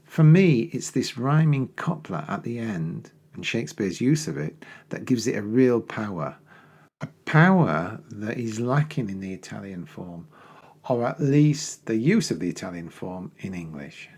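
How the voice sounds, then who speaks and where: A man giving a poetry lesson, explaining in a measured way and slowing down to recite verse. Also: lowish voice, very animated, darkish tone, slightly rough. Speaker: teacher.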